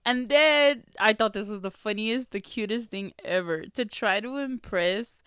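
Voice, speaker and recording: A woman's voice: mid-range voice, a little slow, a bit bright, clear, resonant tone, no echo, studio quality. A woman hosting a podcast, chatting casually and laughing often as she recaps a book. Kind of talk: casual chat.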